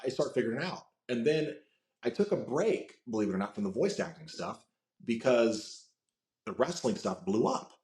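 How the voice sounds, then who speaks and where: An American wrestling content creator, guesting on a podcast, chats casually in rambling stories laced with swearing. His medium-pitched voice is very animated and darkish, at normal speed, in an echoey room.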